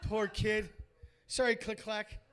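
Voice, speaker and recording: A man working a comedy club crowd, his voice high and bright. He rambles, swears freely and pads his bits with fillers as he talks into a handheld mic. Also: level tone, takes it slowly, smooth. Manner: rambling, crude, crowd-baiting, full of fillers. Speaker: stand-up comedian. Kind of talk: stand-up comedy set.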